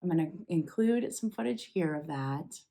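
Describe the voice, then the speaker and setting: A young woman, chatting casually as she opens packages, gushing with excited exclamations. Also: sits low, normal speed. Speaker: vlogger. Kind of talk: casual unboxing chat.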